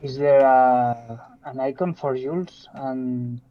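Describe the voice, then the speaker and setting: A man playing in a tabletop game, asking quiet questions. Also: medium pitch, fairly even intonation, slow pace. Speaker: player. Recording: dull lo-fi mic.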